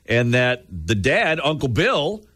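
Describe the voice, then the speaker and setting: A man with a wry, joking way of talking. He speaks at an unhurried pace, and his pitch rises and falls a great deal. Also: sing-song, fairly bright tone, no room sound. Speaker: radio show co-host. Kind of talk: casual chat.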